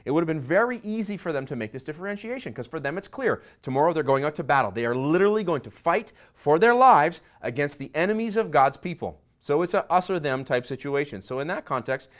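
A middle-aged man, a pastor, preaching a sermon that swings between quiet asides and loud emphasis. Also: on the high side, very animated, fast, hardly any pauses.

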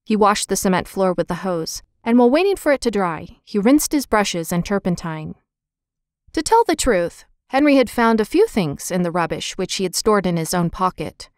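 A woman narrating a children's storybook in a lively, expressive reading, voicing the characters' lines. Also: mid-range voice, moderate pace, no echo, studio quality. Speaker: audiobook narrator.

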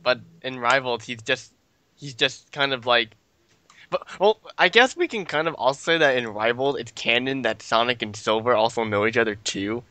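A man's voice: mid-range voice, normal speed, sharp tone. A young man co-hosting a casual chat, rambling and restarting his sentences. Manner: rambling, restarts sentences, mocking voices for game characters. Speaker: podcast co-host.

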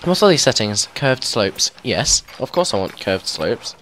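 A young man giving casual, excitable commentary as he plays a game and thinks aloud into a mic held very close to his mouth. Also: medium pitch, unhurried, slight background noise. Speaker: gameplay video host.

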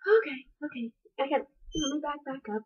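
High-voiced gushing young woman, lo-fi. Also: normal speed. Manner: gushing, giggly, bursts into squeals. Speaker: vlogger reacting to a music video. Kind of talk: casual reaction chat. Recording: dull lo-fi webcam sound.

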